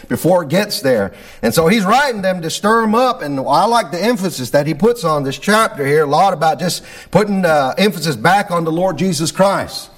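A man preaching a fervent sermon, praying and repeatedly crying amen. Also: high-pitched. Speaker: pastor.

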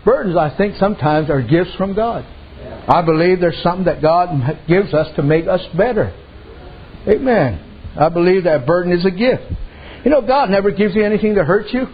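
A man's voice: sits high, animated, normal speed, slightly rough, highs cut off. A man preaching a sermon in a folksy, colloquial storytelling way.

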